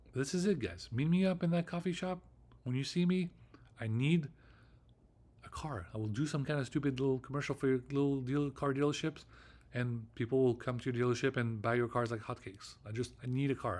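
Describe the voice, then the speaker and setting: A middle-aged man delivering a rambling solo vlog monologue, ranting, swearing often and repeating himself with frequent restarts. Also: medium pitch. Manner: ranting, profane and repetitive, with restarts. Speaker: vlogger.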